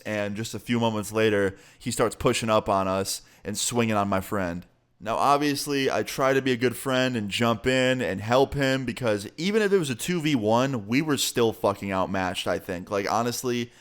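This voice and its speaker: A man's voice: mid-range voice, clear, resonant tone. A man telling a story casually as a vlogger, swearing freely in a laid-back way.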